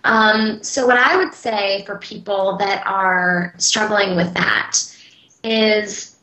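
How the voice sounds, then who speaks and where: A woman's voice: medium pitch, fairly even intonation, bright, forceful tone, reverberant, rough recording. A woman interview guest speaking in a casual, earnest and heartfelt way, with frequent fillers. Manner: earnest, heartfelt, talks in quick bursts with fillers.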